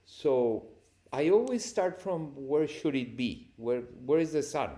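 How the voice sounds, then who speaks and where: A man, a cinematographer guest on a podcast, telling lively anecdotes with frequent laughter. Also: fairly high pitch, slow. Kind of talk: storytelling interview answers.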